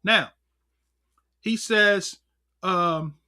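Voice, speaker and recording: A man leads a livestreamed teaching session, lively and full of rhetorical questions. His voice sits high and bright, and he takes his time between points. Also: extremely slow. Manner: animated, rhetorical questions, chuckles, fumbles with notes. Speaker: elder teaching a livestream class. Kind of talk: livestreamed scripture and history teaching. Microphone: computer mic on a livestream.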